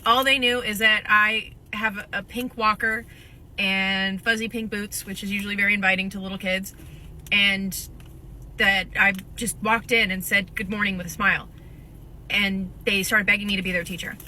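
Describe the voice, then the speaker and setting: Substitute teacher lady venting, really bright sharp voice, bit of noise behind. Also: mid-range voice, flat delivery, moderate pace. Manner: earnest, chatty recounting. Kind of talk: casual vlog monologue.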